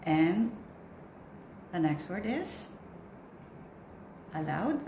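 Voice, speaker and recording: Slow, patient woman leading a pronunciation drill. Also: fairly low pitch, sing-song. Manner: slow, patient, spaced-out prompts with long pauses. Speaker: pronunciation coach for church lectors. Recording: echoey room with faint noise.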